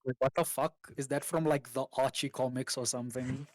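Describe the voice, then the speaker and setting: A man's voice: mid-range voice, fairly even intonation, fairly quick, no echo. Wry man in casual chat, dry sound.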